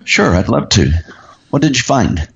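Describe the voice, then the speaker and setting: A man hosting a talk show who also preaches. He speaks in a halting way, with fillers and laughs. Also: medium pitch, big pitch swings, gravelly, slightly rough, dull audio. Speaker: host and preacher. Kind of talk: casual talk show chat.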